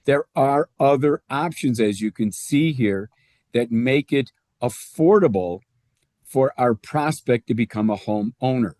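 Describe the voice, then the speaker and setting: Casting: male presenter, casual explainer of numbers, dry close sound, mid-pitched. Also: measured pace, a little mellow, no room sound. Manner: conversational, walks through numbers step by step. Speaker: real estate presenter. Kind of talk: explaining loan math to realtors.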